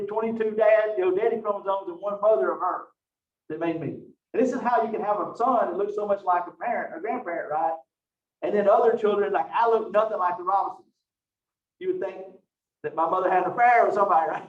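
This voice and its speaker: A man teaching a biology lecture, lively and joking at his own expense, with frequent rhetorical questions. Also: high voice. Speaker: biology instructor. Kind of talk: recorded online lecture. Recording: roomy, distant, dull lo-fi mic.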